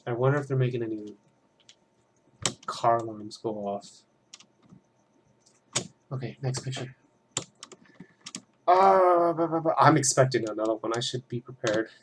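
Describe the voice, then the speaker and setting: Young male art student, loose rambling chatter at home, mid pitch, faint background noise. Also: a little slow, long pauses. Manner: rambling, chatty, swears freely. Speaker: art student drawing on stream. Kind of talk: casual commentary while drawing.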